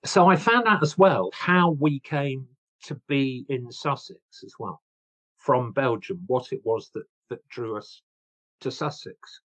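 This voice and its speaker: A man in his sixties, an author guest, telling his story in an animated, chatty way and laughing at himself. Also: medium pitch, measured pace. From England. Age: 60s. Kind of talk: casual interview chat.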